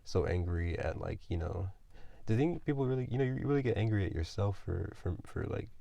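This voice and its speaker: A man with a very low, gravelly voice talks his way through a tarot reading. He rambles and thinks aloud, full of ums and likes. His tone is dark and mellow. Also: animated, a little fast, no room sound. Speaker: tarot reader.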